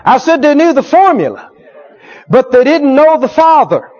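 Male preacher, high voice, emphatic, repetitive, playful quotes, dull lo-fi recording. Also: very animated, normal speed, darkish tone, a faint crowd. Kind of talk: sermon.

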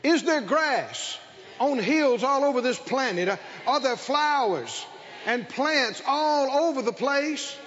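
An older man preaching a sermon, calling for responses from the congregation and building to shouted emphasis on a dull lo-fi recording. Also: very high-pitched, animated, slow. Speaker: pastor.

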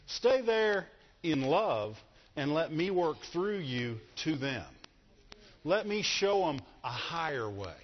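A middle-aged man preaching a sermon to a congregation, animated and asking them questions. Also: on the high side, takes it slowly. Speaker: pastor. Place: church hall. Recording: dull sound with long hall reverb.

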